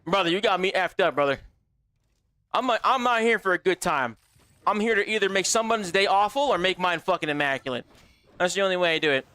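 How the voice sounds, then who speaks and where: A man with a high, bright, forceful voice running a live gaming stream. He talks straight to his chat in a brash, profane, joking way. The sound is dry and close, with no room around it. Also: expressive, a little fast, clear, resonant tone, no room sound. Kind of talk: casual livestream chatter.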